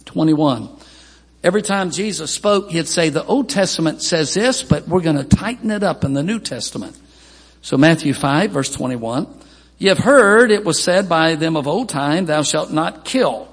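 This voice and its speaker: A pastor with a gravelly, slightly husky voice preaches with strong emphasis and lifts his pitch when he quotes people. His voice sits a little high for a man and rings with long reverb through a church hall. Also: animated, moderate pace. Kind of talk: sermon.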